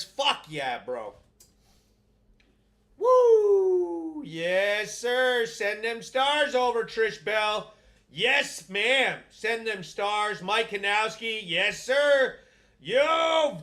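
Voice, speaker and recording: Hyped, foul-mouthed male live-stream host. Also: high voice. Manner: loud, profane, hyped shout-outs. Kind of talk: profane live-stream comment chat.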